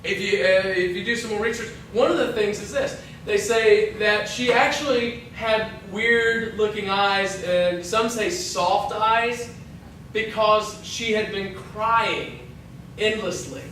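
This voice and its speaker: A man's voice: high-pitched, slow, a bit bright, a little hiss or hum. A man, a youth pastor, casually teaching a Bible lesson to a group of young women, chatty and jokey with many asides and restarts. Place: church hall. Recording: echoey hall from far off.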